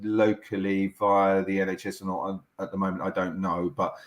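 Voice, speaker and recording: Over a video call, a middle-aged doctor explains things patiently as an interview guest, his voice low and steady. He sounds measured and reassuring, though he often restarts his sentences, and the room echo is noticeable.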